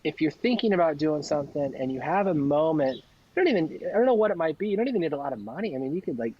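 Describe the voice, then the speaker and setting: A man's voice: a little high, expressive, very fast, husky, highs cut off. A man telling stories as a podcast guest in an earnest, rambling way, often acting out what other people said. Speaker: interview guest. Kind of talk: casual conversational storytelling.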